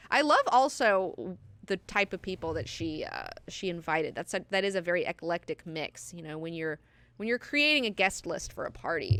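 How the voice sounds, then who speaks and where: A woman's voice: lowish voice, a bit bright, clean tone, dry recording. Candid, profane woman lecturing casually. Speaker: host of a book class. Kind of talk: casual lecture with personal asides.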